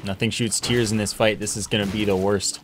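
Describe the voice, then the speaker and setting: A man's voice: lowish voice, little pitch movement, brisk, noisy background. A man streaming a video game live, chatting casually with his viewers in a wry, self-deprecating way. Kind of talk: live gameplay commentary.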